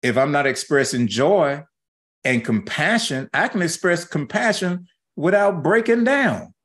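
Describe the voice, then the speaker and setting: A middle-aged man preaching a sermon in a folksy, animated way, acting out quoted asides. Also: fairly high pitch, unhurried. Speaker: pastor.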